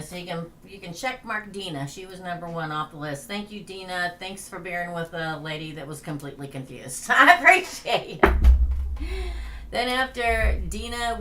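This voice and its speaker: A woman's voice: medium pitch, lively intonation, normal speed, fairly bright tone, slight background noise. A woman tarot reader hosting a casual livestream, chatting, laughing and reading names off a list.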